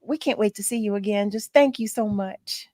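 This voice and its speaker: A woman's voice: mid-range voice, normal speed, darkish tone, no room sound. Effusive woman radio host, dry sound. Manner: effusive and emotional, heartfelt thanks. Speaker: radio talk show host. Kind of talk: on-air interview wrap-up.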